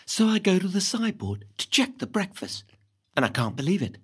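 Brief: woman narrator, husky, swooping lively pitch, wry first-person reading. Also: a little fast. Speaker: reader.

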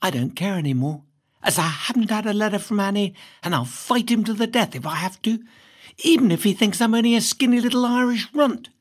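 A woman reading a first-person novel aloud in a lively, cheeky storytelling manner. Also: medium pitch, a little fast. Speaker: reader.

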